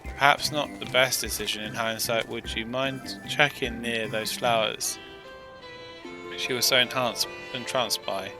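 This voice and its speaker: A measured, reserved scholar speaks formally, as a man reads him aloud. His voice sits at a medium pitch. Game music plays clearly behind him. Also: steady tone, natural voice, rough recording. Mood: thoughtful. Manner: formal, deliberate phrasing.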